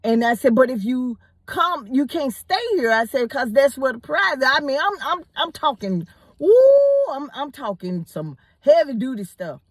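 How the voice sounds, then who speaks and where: Woman, casual storytelling, higher pitch, dry room. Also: normal speed, no room sound. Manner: animated, repeats words, acts out quotes. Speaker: storyteller host.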